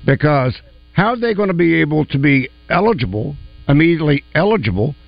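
Sports radio guy, gravelly and bouncy, dry muffled studio sound. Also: fairly high pitch, brisk, no echo. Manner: chatty, animated, jokey. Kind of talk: casual sports radio talk.

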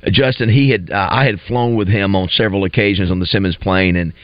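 Male morning radio host, casual and rambling, middle pitch, dull dry studio sound. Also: fairly even intonation, quick pace, no echo. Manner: rambling, restarts, lists names with rising emphasis.

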